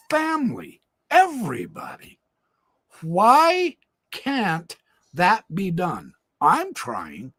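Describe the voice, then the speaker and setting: A middle-aged man hosting a livestream, telling stories in an animated, upbeat way that swings between booming and hushed. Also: gravelly, breathy edge, no room sound. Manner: upbeat, self-described extrovert. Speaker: livestream host. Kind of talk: casual monologue.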